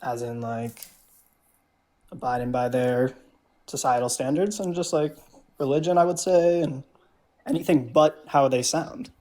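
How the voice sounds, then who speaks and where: A man's voice: medium pitch, a little slow, pauses often, warm tone. Hesitant young man stumbling through a debate. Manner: hesitant, stumbling, lots of fillers and restarts. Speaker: guest caller in a debate. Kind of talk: casual debate on a call.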